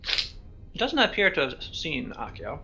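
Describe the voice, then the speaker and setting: Bright, calm male GM, clearly explains rules to the players. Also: fairly high pitch, measured pace, faint music behind. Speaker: game master. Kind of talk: running a tabletop game over voice chat.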